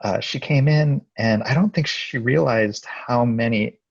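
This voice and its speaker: A man who supervises animation, answering on a video call panel in a hesitant way with many pauses and fillers, over dull lo-fi call audio. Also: mid-range voice, creaky, slightly rough, no room sound.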